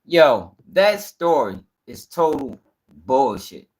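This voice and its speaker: A man's voice: mid-range voice, sing-song, slow, slightly rough. A man giving blunt reaction commentary on a clip, dismissing what he hears as lies. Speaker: commentary host.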